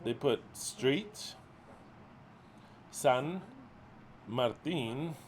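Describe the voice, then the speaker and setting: A man's voice: mid-range voice, animated, very slow. Profane exasperated man scolding followers. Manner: profane, exasperated scolding, swings from loud outbursts to muttering. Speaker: ministry leader.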